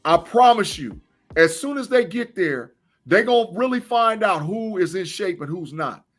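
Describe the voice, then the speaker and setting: A man's voice: sits high, animated, moderate pace, a bit bright, soft background music. A man co-hosting a sports podcast, a former college football player talking emphatically and repeating his points. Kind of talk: casual sports chat.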